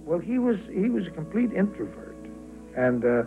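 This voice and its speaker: A man's voice: high-pitched, very animated, moderate pace. Older guy reminiscing on an old tape, chatty with lots of uh's, sounds like a phone line with music behind. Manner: chatty, many fillers, acts out quotes. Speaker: former band musician interviewee. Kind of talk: archival interview reminiscing. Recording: tinny archival recording with music behind.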